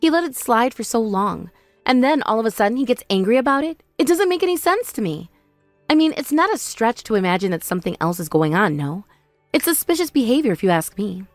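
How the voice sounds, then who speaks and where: A woman's voice: on the high side, sing-song, fairly quick, no room sound, soft background music. A woman voicing a desperate, remorseful young wife who begs for forgiveness in a scripted drama. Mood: defensive. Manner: pleading, apologetic.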